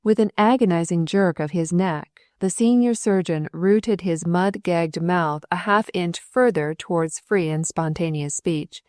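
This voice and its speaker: Woman reading an old novel aloud, lowish voice, super dry close sound, dramatic storytelling. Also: measured pace, few pauses, darkish tone, dry recording. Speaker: audiobook narrator. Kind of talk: scripted narration of a novel.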